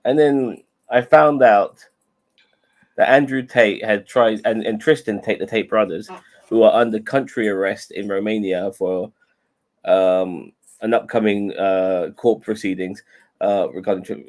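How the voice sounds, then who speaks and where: A man's voice: lowish voice, steady tone, measured pace, a little mellow. A man co-hosting a casual podcast chat, hesitant and sweary, with many stammered restarts. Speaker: podcast co-host.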